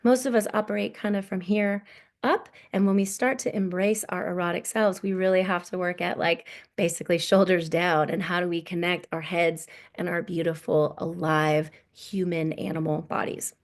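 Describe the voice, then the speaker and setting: A woman in her thirties giving a relaxed workshop talk as a sex coach, often tagging "right?" onto her points. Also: lowish voice, moderate pace. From United States.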